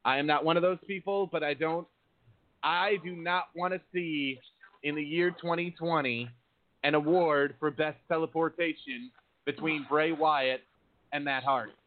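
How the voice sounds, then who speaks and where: A man hosting a casual wrestling podcast, with a voice pitched a little high. He rambles through his points and laughs at his own jokes. The sound is narrow, like a phone call. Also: steady tone, normal speed. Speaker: podcast host.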